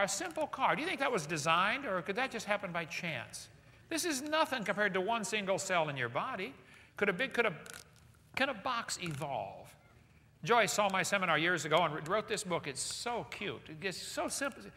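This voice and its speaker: A man giving a lecture to a live audience in a large hall, animated and jokey, firing rhetorical questions at the crowd. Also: high voice, a little fast, creaky. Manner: jokey asides. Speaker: seminar speaker. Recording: long hall reverb.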